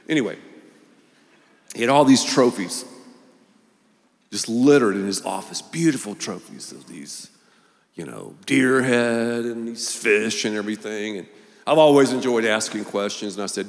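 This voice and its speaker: A man's voice: fairly low pitch, measured pace, long pauses. Storytelling male pastor in echoing hall. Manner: animated storytelling, acting out voices. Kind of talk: sermon. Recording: long reverb of a large hall.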